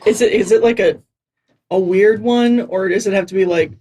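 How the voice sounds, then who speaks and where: A woman's voice: mid-range voice, normal speed, dark tone, breathy edge. A woman playing a tabletop game, talking in a brash, jokey way. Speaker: player. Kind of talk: casual tabletop game chat.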